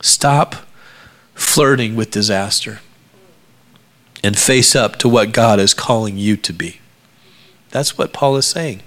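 A middle-aged male pastor preaching a sermon to his church, jokey and animated, jumping between loud outbursts and hushed asides. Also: on the low side, slow pace, long pauses. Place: church sanctuary before a congregation.

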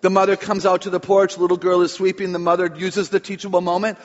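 A woman's voice: fairly low pitch, little pitch movement, fast talker. A woman author giving a humorous talk to a live audience, chatty and playful. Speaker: author and speaker on children. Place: large hall with audience. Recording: echoey hall, dull lo-fi sound.

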